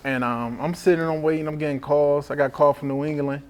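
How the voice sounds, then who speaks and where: A man's voice: on the high side, steady tone, fast talker, smooth. A man from Michigan hosting a casual chat, laid-back and saying "bro" a lot. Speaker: podcast host.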